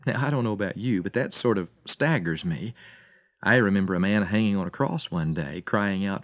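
A man's voice: low voice, no room sound. Dry-voiced male radio preacher telling a story. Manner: dramatic storytelling, slowing and softening for emphasis.

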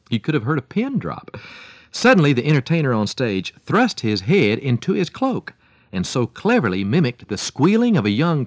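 Animated man hosting a radio devotional. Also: medium pitch, dry recording. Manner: animated, emphatic storytelling. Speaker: radio program host and preacher.

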